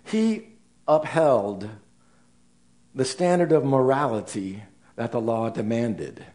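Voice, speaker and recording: Slow, deliberate older male preacher. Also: medium pitch, animated. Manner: slow, deliberate delivery with rising emphasis and soft trailing phrase ends. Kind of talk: sermon.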